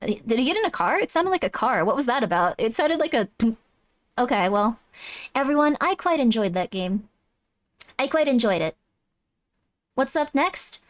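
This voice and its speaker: High-voiced gushing woman streamer. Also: big pitch swings, moderate pace, long pauses. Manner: gushing, rambling, apologetic. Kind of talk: casual live-stream chat. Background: game music.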